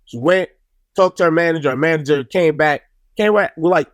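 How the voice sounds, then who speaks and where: A young man hosting a podcast, telling a comic story with animated, exasperated outbursts and casual profanity. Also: a little high, brisk, no echo. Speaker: podcast host.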